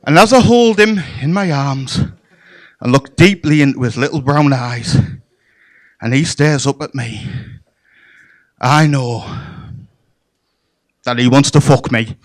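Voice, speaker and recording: A man doing a bawdy stand-up comedy set in a club, with playful deadpan asides to the crowd. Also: medium pitch, takes it slowly, long pauses.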